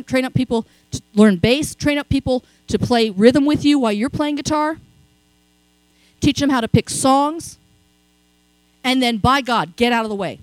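High, lively woman preaching a sermon. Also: no room sound, low-quality recording. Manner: conversational storytelling, frequent "okay?" asides.

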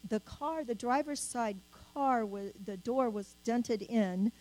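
A woman's voice: on the high side, slow pace, a little mellow, poor audio. An older woman, giving a spoken testimony at church and earnestly telling her story. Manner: earnest storytelling, acts out the voices she quotes.

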